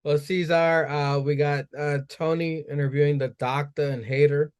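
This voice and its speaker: A man hosting a comedy podcast, briskly recapping wrestling segments with wry, profane asides. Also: fairly high pitch, little pitch movement, a little mellow, smooth. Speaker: podcast host. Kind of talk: casual show recap.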